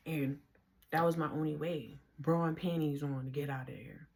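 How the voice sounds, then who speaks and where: A woman's voice: low voice, fairly even intonation, moderate pace, creaky, darkish tone, husky. A woman in her twenties from the Bronx with a New York accent, telling her own story to camera in casual slangy talk. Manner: casual slangy talk, quoting others in voices, rising when heated.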